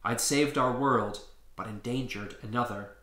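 A man reading his own story aloud in a lively storybook narration. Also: medium pitch, unhurried, reverberant. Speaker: author reading his book.

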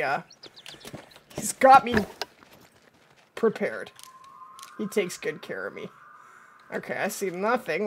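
A woman's voice: mid-range voice, a bit bright, slight background noise. A middle-aged woman streaming a hunting game live, chatting with viewers and answering their comments as she plays.

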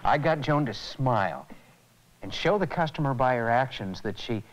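A man's voice: mid-range voice, expressive, normal speed, natural voice, low-quality recording. An actor playing an eager man learning about customer service, in a 1980s educational film. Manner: eager, questioning. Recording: faint hiss on an old tape transfer.

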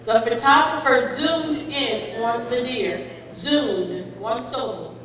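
A woman pronouncing spelling bee words slowly and clearly, with definitions and example sentences, encouraging each speller. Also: fairly high pitch, fairly bright tone, slight background noise. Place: school gym or hall. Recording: echoey hall, far from the mic, faint crowd.

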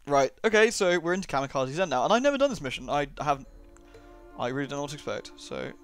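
A man's voice: a little high, very animated, fast talker, fairly bright tone, soft background music. A man giving casual, cheeky gameplay commentary, full of self-mocking asides. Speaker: let's play commentator.

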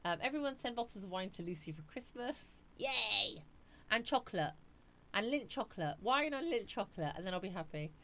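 A woman's voice: mid-range voice, lively intonation, a little fast, sharp tone. A woman hosting a live stream, chatting casually and reading viewer comments aloud.

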